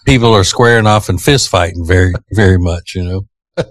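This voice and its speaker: Folksy radio host. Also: male voice, deep voice, moderate pace, no room sound. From Louisiana. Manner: folksy storyteller, laughs easily. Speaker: radio morning show host. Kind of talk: casual radio banter. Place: radio studio. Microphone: studio microphone.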